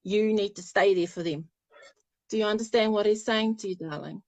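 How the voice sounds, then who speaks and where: A woman's voice: mid-range voice, normal speed, darkish tone, no room sound. A woman giving a live psychic reading, chatty and affectionate, often laughing. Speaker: spiritual medium.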